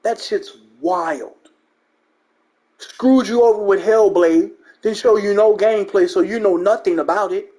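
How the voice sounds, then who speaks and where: A young man hosting his gaming channel delivers a profane, mocking, emphatic rant about games. His voice is high-pitched and mellow, and he keeps a measured pace.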